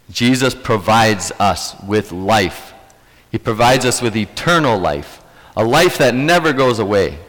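Slow, lively-voiced preacher in a reverberant hall. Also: male voice, mid-range voice. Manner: earnest, repetitive emphatic preaching. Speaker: pastor. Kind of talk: sermon.

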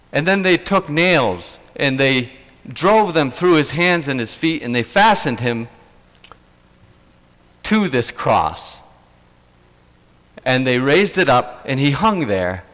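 A man preaching with slow, measured delivery and an earnest, emphatic tone that leans on repetition. His voice sits at an ordinary pitch. It rings out with a long reverb, as if he is speaking in a large hall. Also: fairly bright tone. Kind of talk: sermon.

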